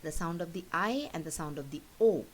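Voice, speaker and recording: A woman teacher with a fairly low pitch and lively intonation gives a recorded lesson, patiently repeating each word twice and slowly so its pronunciation is clear. The recording is low quality, with a faint hiss.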